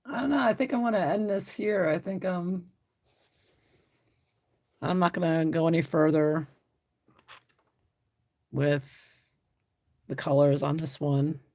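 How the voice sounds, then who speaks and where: A woman's voice: low-pitched, a little slow, pauses often, a little mellow. A woman hosting an art livestream, chatting casually and answering viewer comments while she paints, often laughing.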